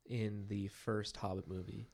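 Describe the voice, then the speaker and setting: A man's voice: fairly low pitch, level tone, measured pace, creaky, darkish tone. A young man co-hosting a casual book podcast, laid-back, chiming in with asides and comparisons. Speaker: podcast co-host.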